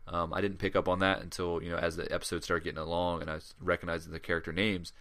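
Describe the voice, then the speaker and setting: A man's voice: sits low, flat delivery, fast talker, a bit bright. A man co-hosting a podcast in casual chat, rambling with lots of fillers and restarts. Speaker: podcast co-host.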